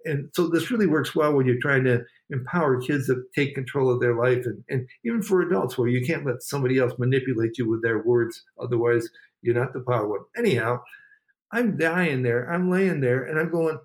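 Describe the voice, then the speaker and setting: Earnest man, a little high-pitched. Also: lively intonation, normal speed. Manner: earnest, emphatic, repeats phrases. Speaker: motivational speaker. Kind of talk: personal storytelling in an interview.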